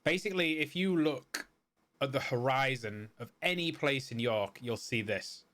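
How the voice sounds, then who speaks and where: A man's voice: mid-range voice, moderate pace, a bit bright. A man giving casual, rambling gameplay commentary with many fillers and restarts. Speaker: gaming video host.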